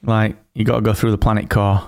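A man's voice: lowish voice, level tone, fast, gravelly. A man co-hosting a casual podcast, playful and rambling, speaking into a new microphone. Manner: playful, rambling, banter-prone. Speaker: podcast co-host.

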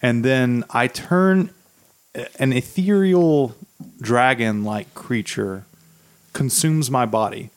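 A man's voice: medium pitch, slow pace. A man playing a tabletop game, vividly describing his character's actions.

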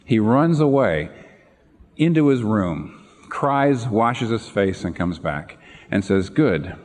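A man preaching a sermon, retelling a Bible story with animated storytelling and acted-out lines. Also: on the low side, slow pace. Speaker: pastor. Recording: reverberant hall.

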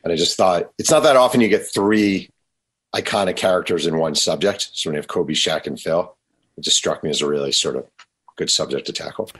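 A man being interviewed as an author, telling lively anecdotes and acting out quotes. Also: low voice, a little fast, breathy edge. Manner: animated anecdotes, acts out quotes. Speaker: author guest. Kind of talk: storytelling interview.

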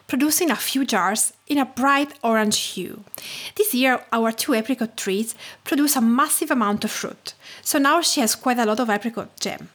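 A woman in her thirties from Tuscany with an Italian accent, calmly narrating her podcast in a measured, sometimes hushed way. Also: fairly high pitch, breathy edge. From Tuscany, Italy. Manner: calm, measured storytelling, often soft and hushed. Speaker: podcast host.

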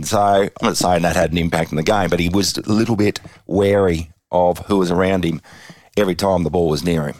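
Deep-voiced Australian man spinning a yarn. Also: no echo. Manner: animated yarn-spinning with laughs and acted quotes. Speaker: former footballer. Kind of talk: interview anecdote.

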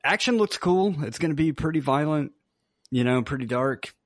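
A man's voice: a little high, lively intonation, normal speed, no room sound, clean studio sound. A man co-hosting a podcast in casual chat, laid-back and hesitant with plenty of fillers. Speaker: podcast co-host.

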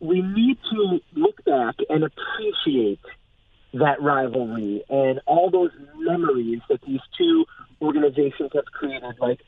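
Excitable male football reporter phoning in, gravelly and husky, tinny line. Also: fairly high pitch, a little slow. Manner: animated, filler-heavy, excited. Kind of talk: phone-in sports analysis. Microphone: phone.

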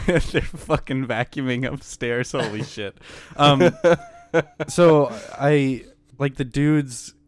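A man's voice: medium pitch, very slow, no room sound. A young man casually telling a story to a friend, swearing freely, laughing often and acting out both sides. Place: indoor room.

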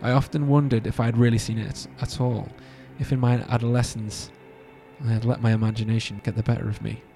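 With faint music behind him, a man with a mid-range voice reads a spooky story briskly for his podcast. His delivery is animated and casual, the narration punctuated by joking asides.

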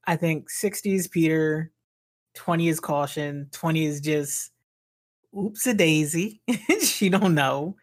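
A young woman co-hosting a casual podcast, with a voice that sits low for a woman. She chats in an agreeable way and gives blunt opinions. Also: a little slow. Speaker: podcast co-host.

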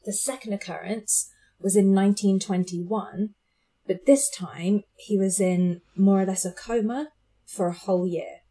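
A woman's voice: medium pitch, measured pace, mellow. Female podcast co-host, chatty, easily amused, loose storytelling delivery. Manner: chatty, laughs often, many fillers. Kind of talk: casual chat and storytelling.

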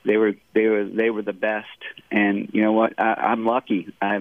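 Man, fifties, Rhode Island accent with a Southern touch, halting, rambling, tinny phone sound, dry. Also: on the low side, monotone, no echo. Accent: Rhode Island mixed with Southern US. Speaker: pro golfer guest. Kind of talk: casual interview on a phone line.

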